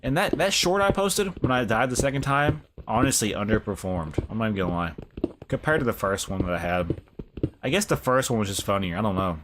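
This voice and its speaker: Laid-back young streamer guy, lowish voice. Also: expressive, a little fast, background noise. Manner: laid-back, swears, says bro a lot. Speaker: live streamer. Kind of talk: casual gameplay commentary.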